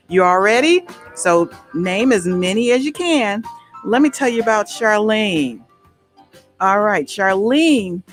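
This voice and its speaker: A woman hosting a live online show, talking excitedly and straight to her viewers. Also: mid-range voice. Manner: effusive, talks straight to viewers.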